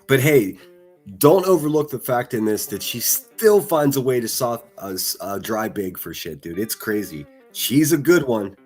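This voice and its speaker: A man's voice: medium pitch, expressive, moderate pace, darkish tone, faint music behind. A man hosting a livestream, reacting to clips with mocking, profane, sarcastic commentary.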